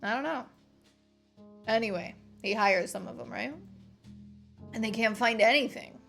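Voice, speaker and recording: A woman's voice: on the high side, a little slow, gravelly, a bit bright, faint music behind. A woman voicing a chatty male detective supervisor who tells his story in a casual way.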